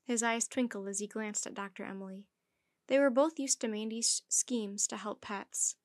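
Woman storyteller, children's book read-aloud, gentle, fairly high voice, dry close sound. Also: steady tone, normal speed, no room sound.

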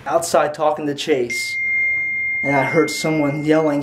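Excitable rambling vlogger guy. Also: a little high, very noisy. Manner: excitable, rambling, quick to laugh. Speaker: YouTube prank vlogger. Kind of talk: casual handheld vlog.

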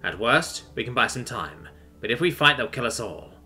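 A man voicing a grim, fatalistic alien advisor with a low, growling delivery. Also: big pitch swings, normal speed, sharp tone, soft background music, exaggerated voice.

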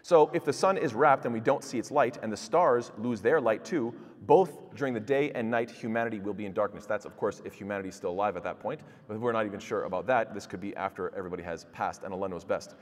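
A man's voice: on the low side, quick pace, few pauses, big-room sound. A man giving a Quran lecture in a mosque, explaining verses through rhetorical questions to his audience and reciting the Arabic in classical pronunciation. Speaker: Quran teacher. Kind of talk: tafsir lecture. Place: mosque hall.

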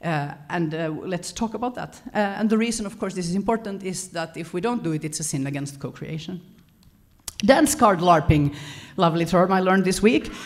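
Woman, conference speaker, low-ish voice, conversational lecture with frequent self-corrections. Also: normal speed. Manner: animated, self-correcting, chuckles between points. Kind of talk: lecture-style talk to an audience.

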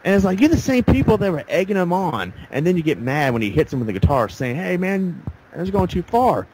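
In an expressive, fast, darkish-toned voice, a podcast host rambles through stories on his casual talk show, performing other people's quotes. Faint background noise sits under the low-quality audio.

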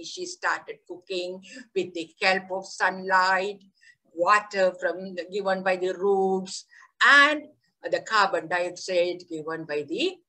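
A woman teacher leading an online workshop on theatre in education, telling a story in an enthusiastic, animated way over a video call. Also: on the low side, poor audio.

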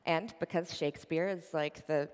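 A young woman giving a conference talk, explaining things in an animated way with frequent fillers. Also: low-pitched, moderate pace, clear, resonant tone. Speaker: conference speaker. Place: conference hall. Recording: hall with long reverb.

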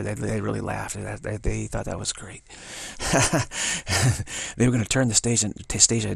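Older man, low gravelly husky voice, dry close sound, halting spiritual chat. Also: steady tone, fairly bright tone, no echo. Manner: rambling, halting, with many restarts and playful acted-out quotes. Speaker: spiritual teacher. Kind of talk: casual spiritual talk.

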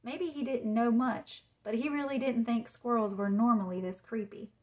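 A woman author reading a children's book aloud in a measured, suspenseful way. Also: on the high side, fairly even intonation, a little mellow, lo-fi sound. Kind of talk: storybook read-aloud.

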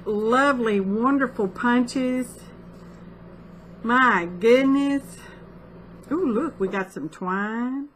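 A middle-aged woman talks through a craft vlog in a slow, drawn-out way. Her voice sits a little high and rings bright and forceful. She gushes warmly over each little thing she shows. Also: a little hiss or hum. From United States. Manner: effusive, gushing, chatty. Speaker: craft vlogger. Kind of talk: casual unboxing chat.

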